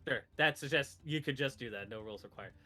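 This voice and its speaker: A man running a tabletop game as game master, relaxed and quick to laugh. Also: mid-range voice, faint music behind.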